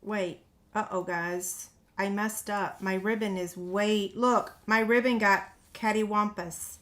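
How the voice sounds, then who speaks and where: Chatty woman, slow talker. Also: medium pitch, fairly even intonation, a bit bright. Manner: chatty and self-deprecating, talks to viewers while working. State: runny nose. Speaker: paper-craft video host. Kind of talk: casual crafting tutorial chat.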